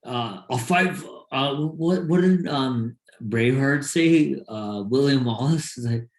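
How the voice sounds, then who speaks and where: Male podcast co-host, casual sports talk, excitable and rambling, mid-pitched, roomy echo around him. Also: takes it slowly. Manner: rambling, excited, talks in bursts.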